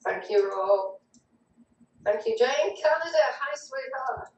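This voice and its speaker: A woman's voice: high voice, expressive, slow, darkish tone, dull audio. Shaken woman medium, echoey distant mic. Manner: shaky, reads chat comments aloud. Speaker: spirit medium guest. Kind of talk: live online show chat.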